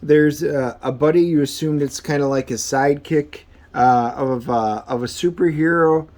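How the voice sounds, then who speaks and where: A man's voice: fairly high pitch, steady tone, moderate pace, darkish tone. Rambling comic reviewer man. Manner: rambling, full of fillers. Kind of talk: casual comic review, recapping the story.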